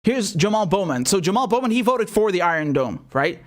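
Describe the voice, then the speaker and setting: A man's voice: high-pitched, very animated, fairly quick. A man reacting to political clips with profane, incredulous and mocking commentary. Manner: incredulous and mocking, swears often.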